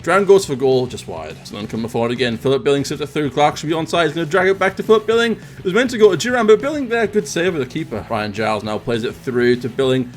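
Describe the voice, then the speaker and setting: Fast-talking excitable football commentator man. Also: a little high. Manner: excitable, rising sharply on goals. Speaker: gaming commentator. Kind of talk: mock football commentary over game highlights.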